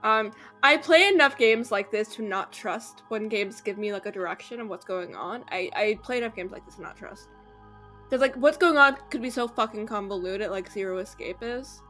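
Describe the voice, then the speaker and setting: Bright-voiced chatty woman streaming a game. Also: mid-range voice, lively intonation, normal speed, soft background music. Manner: rambling, chatty and profane. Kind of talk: casual let's-play commentary.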